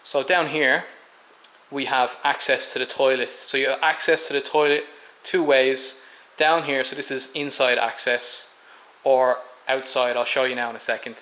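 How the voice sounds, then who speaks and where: Touring a house for sale on a tropical island, an Irish vlogger rambles casually through the rooms, in and around the property, with ums and restarts. He speaks at a moderate pace in a medium-pitched, fairly even, sharp-toned voice, and the recording is low quality.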